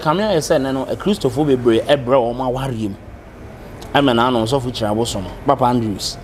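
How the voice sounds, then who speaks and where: A man's voice: mid-range voice, a little mellow, slight background noise. A man with a Ghanaian accent hosting an interview, giving brief acknowledgments and asking probing questions. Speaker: interview host.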